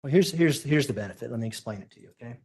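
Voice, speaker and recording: A man's voice: mid-range voice, expressive, rapid-fire, a little mellow, breathy edge. Insistent male prosecutor cross-examining. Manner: pressing, insistent questioning. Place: courtroom.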